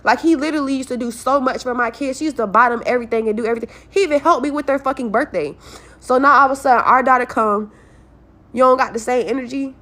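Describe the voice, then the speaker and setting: A woman's voice: high-pitched, fast talker, a bit bright. A young woman venting about her life to her viewers in a casual story-time video, blunt, stressed and full of swearing. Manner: blunt, heavily profane, talks straight to viewers. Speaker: vlogger telling a personal story.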